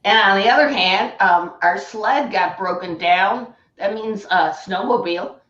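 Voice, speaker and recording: A woman's voice: mid-range voice, measured pace, fairly bright tone. A woman with an Upper Peninsula Michigan accent, chatting and telling stories casually with a bit of swearing. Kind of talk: casual chat. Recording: roomy, distant, muffled audio.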